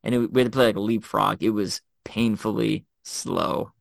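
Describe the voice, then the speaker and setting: Low-ish and gravelly, the voice belongs to a middle-aged man, a former Special Forces officer guest co-hosting a podcast. He tells military anecdotes in an animated, casual way, stumbling through fillers and restarts at a moderate pace, with no echo.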